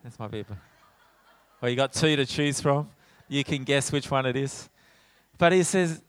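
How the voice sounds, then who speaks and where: A middle-aged man preaching a sermon in a church as pastor, animated, acting out his own lines when he tells stories. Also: medium pitch, moderate pace, smooth, no room sound. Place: church hall.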